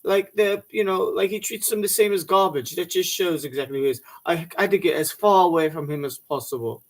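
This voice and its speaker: A man's voice: high voice, brisk. A man ranting in a mocking, profane comedic way, swearing freely and putting on voices. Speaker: commentator reacting to a talk show clip.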